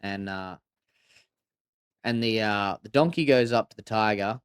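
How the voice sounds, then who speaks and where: Brief: low-pitched male co-host, profane, animated storyteller, dry close sound. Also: measured pace, clean tone, no room sound. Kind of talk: casual podcast chat and storytelling.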